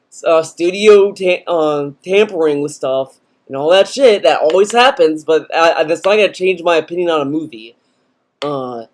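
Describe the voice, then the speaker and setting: A man ranting sarcastically in a video commentary, full of fillers and mocking asides. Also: fairly high pitch. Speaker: commentary youtuber.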